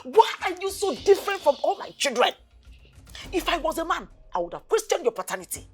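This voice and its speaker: A woman with a Nigerian accent playing a stern, preachy mother who scolds and shouts at her daughter in a film drama. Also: extremely high pitch, sing-song, fairly quick, faint music behind. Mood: scolding.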